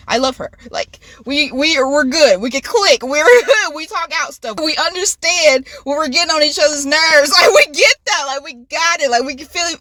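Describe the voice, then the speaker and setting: Young woman vlogger, high bright voice, chatty and animated. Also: dry recording. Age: 20s. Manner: animated, laughs often, rambling asides. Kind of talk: casual storytime. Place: car.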